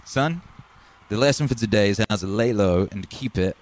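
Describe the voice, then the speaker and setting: A man's voice: lowish voice, moderate pace. Rambling man on a stream. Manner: loose and rambling, reads out viewer messages. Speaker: livestream DJ host. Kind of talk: casual livestream chat. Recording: music playing faintly behind.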